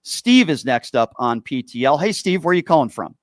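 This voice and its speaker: A man's voice: a little high, big pitch swings, fairly quick, no echo, studio quality. A man hosting a political call-in show, talking bluntly and sarcastically, fired up. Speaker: radio show host.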